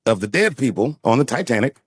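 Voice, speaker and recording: A man's voice: medium pitch, big pitch swings, quick pace, slightly rough, dry recording, faint music behind. Rambling middle-aged male stand-up comic. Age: 50s. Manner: rambling, self-deprecating asides with frequent restarts. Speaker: stand-up comedian. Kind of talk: stand-up routine.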